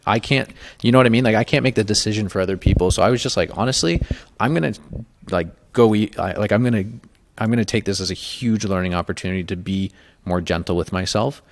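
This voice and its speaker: A man's voice: fairly low pitch, fast. A man hosting a podcast, talking candidly and emotionally in a casual chat, swearing freely. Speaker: podcast host.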